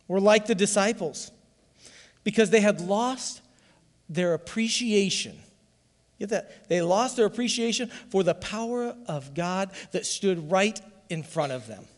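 Pastor, male, high voice, fervent sermon delivery that rises to loud calls to the congregation, church hall reverb. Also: a little slow.

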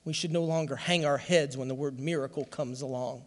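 A man preaching a sermon to his church, telling a personal testimony in an emotional, emphatic way that swells to loud emphasis. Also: mid-range voice, fairly even intonation, brisk, big-room sound. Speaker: pastor.

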